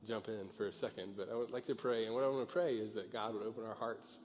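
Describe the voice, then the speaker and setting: Casual, joking young pastor. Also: male voice, on the low side, steady tone, fast talker, darkish tone, a little hiss or hum. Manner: casual, joking, full of fillers. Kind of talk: informal sermon and prayer. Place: church auditorium.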